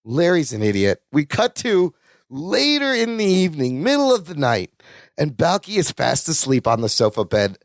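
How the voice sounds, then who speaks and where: A man co-hosts a casual podcast and acts out the characters' lines as he recaps. His voice is high for a man and swoops up and down, and the close mic sounds dry with no room around it. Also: moderate pace, gravelly, dry recording. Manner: animated, acts out quoted lines. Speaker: podcast co-host.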